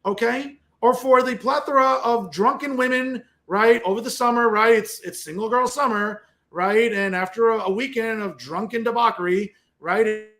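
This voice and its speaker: A man's voice: extremely high pitch, normal speed, hardly any pauses, fairly bright tone. A man hosting his own political commentary show from a home office, combative and sarcastic, often tagging lines with "okay?" and "right?". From New Jersey. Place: home office with bookshelves behind him.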